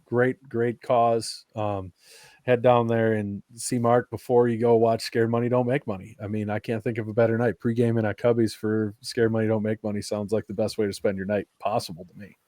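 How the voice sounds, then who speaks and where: A man's voice: lowish voice, level tone, brisk, a little mellow, no echo, studio quality. A man cohosting a sports podcast, teasing and wisecracking with the guest. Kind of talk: casual chat.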